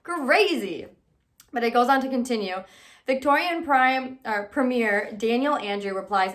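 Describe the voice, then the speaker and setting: Sassy lady podcaster ranting, kinda high voice, sarcastic and animated. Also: unhurried. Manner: sarcastic, animated, swears casually. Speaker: podcast host. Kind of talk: casual commentary.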